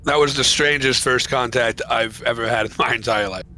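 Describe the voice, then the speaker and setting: A man playing a tabletop game, chiming in with quick agreement and laughter. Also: mid-range voice, pushed and bright, slight background noise. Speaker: player.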